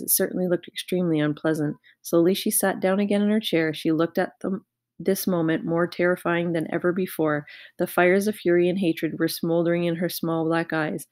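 A woman narrating a children's novel aloud with steady, expressive storytelling. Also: fairly low pitch, dry recording, clean studio sound. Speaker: audiobook reader.

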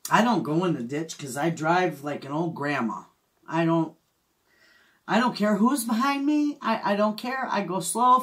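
A woman's voice: medium pitch, a bit bright. A middle-aged woman, chatting casually as a homestead vlogger and telling a story with frequent laughs. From Michigan, USA. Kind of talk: casual chat.

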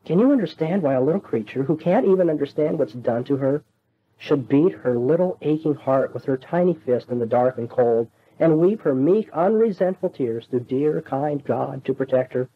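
A man's voice: a little high, lively intonation, moderate pace, husky. A man reading aloud as an anguished male skeptic pleading with a young novice, in an impassioned, rising delivery. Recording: dull lo-fi lecture recording.

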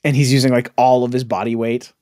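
A man's voice: mid-range voice, little pitch movement, fast talker, mellow, dry recording, clean studio sound. A man co-hosting a casual comic podcast chat, who laughs often and talks in a mocking, incredulous way. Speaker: podcast co-host.

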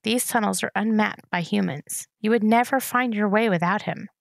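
A woman voicing a calm, measured older man who acts as a mentor. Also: medium pitch, gravelly, dry recording, natural voice.

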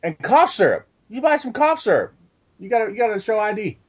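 A man's voice: high voice, fairly quick. A young man telling a rambling, profane workplace story in casual chat. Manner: rambling and profane, animated when telling stories. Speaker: podcast co-host. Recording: dull lo-fi sound.

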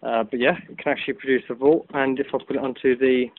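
A man's voice: medium pitch, fairly even intonation, fast talker. Man, casual hobbyist vlogger, loose and chatty; outdoor phone recording, tinny narrow sound. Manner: chatty, loose, with many ums and self-corrections. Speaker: hobbyist video maker. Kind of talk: casual demonstration vlog. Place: outdoors in afternoon sun. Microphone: phone camera.

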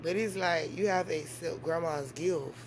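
A mother chatting casually to her vlog audience, telling stories with big swings in pitch and loudness. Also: moderate pace, background noise. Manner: animated storytelling with big swings in pitch and volume. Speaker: mother and vlogger.

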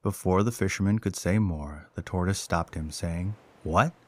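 Low-voiced man narrating a storybook. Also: moderate pace, darkish tone.

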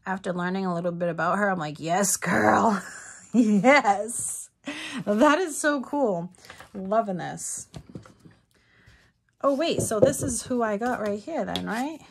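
A woman vlogger in casual unboxing chat at home, excitable and giggly, teasing herself and reading a card aloud. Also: mid-range voice, takes it slowly, vocal fry, long pauses, a little hiss or hum.

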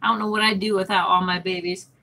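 A woman's voice: mid-range voice, flat delivery, fast, creaky, pushed and bright. A woman hosting a casual livestream, reading viewer comments aloud and laughing often. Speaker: livestream host reading chat. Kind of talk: casual live chat.

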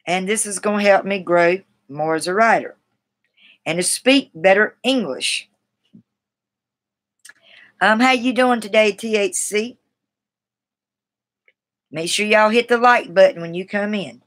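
A woman's voice: medium pitch, fairly bright tone. A woman on a live stream reading aloud from a grammar book, stumbling over and restarting words, with chatty asides to her viewers. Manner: halting, restarts words, self-deprecating and chatty.

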